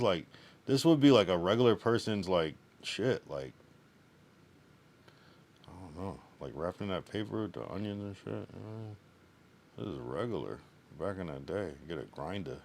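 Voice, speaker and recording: A man's voice: low voice, slight background noise. A young man from the East Coast of the United States, chatting loosely and profanely with his live chat while streaming. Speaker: livestreamer. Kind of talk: casual livestream chat.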